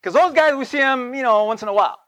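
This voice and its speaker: Very high-pitched and sharp-toned, this preacher talks fast on a dry recording. In his conversational sermon he drops to whispers for asides, rises for emphasis, and repeatedly checks in with the crowd.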